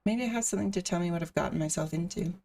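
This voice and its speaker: A woman's voice: fairly low pitch, racing, gravelly, mellow, recorded from a distance. A woman streamer reading a visual novel aloud, with casual asides between the narration.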